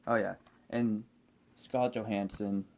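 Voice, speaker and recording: A man's voice: fairly low pitch, steady tone, a little slow, a little mellow. A man casually reviewing a movie on his vlog, rambling and hesitant, with many fillers and restarts.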